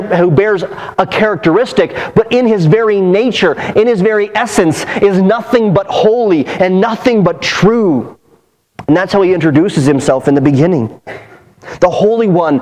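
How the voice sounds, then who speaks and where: High-voiced man preaching a sermon. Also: darkish tone, rough recording. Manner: emphatic, earnest preaching with repeated phrases. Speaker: pastor. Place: church sanctuary.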